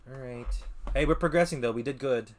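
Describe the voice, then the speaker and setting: A man's voice: medium pitch, a little fast. Mumbling man streaming a game. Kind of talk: casual game commentary.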